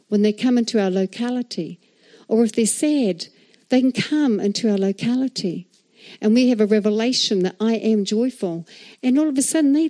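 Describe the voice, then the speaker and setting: A middle-aged woman pastor delivers a sermon in a lively, conversational way. She checks in with the congregation at every turn, and her voice stays mellow and warm in tone even as she gets animated. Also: medium pitch. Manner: animated, chatty preaching with frequent "all right?" and "amen?".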